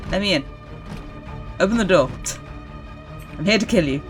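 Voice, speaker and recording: Woman streamer, lowish voice with lively swings, giggly, casual play-by-play, faint music behind. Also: moderate pace. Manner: giggly, chatty, talks to zombies. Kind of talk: casual gameplay commentary.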